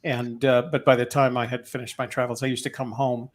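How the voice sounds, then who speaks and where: An older retired man from New Mexico with a neutral American accent, hosting a relaxed interview. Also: mid-range voice, brisk. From New Mexico, USA. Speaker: interview host. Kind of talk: conversational interview.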